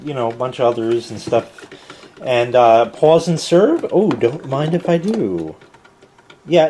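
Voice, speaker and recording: A man's voice: medium pitch, a little mellow, a little hiss or hum. Rambling American man at home. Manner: rambling, casual, sometimes swearing. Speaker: product reviewer. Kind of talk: casual chat.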